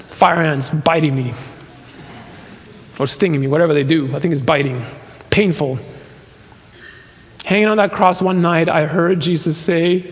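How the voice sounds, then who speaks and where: A high, gravelly voice belongs to a man in his fifties, a pastor from Nicaragua and the US. He's delivering a sermon in a church hall, recounting a personal story with laughs and quoted voices.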